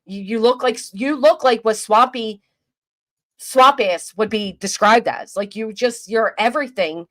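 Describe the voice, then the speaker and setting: A woman's voice: fairly high pitch, a little slow, fairly bright tone. A woman doing rambling livestream commentary, crude and mocking in a vulgar rant, often restarting her sentences. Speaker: commentary streamer. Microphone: desk microphone.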